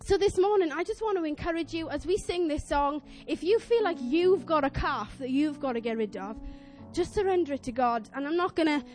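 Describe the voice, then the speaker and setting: A young woman preaching a sermon, telling a story in a chatty, earnest, animated way and acting out voices. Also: high voice, a little fast, few pauses, soft background music. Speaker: lay preacher.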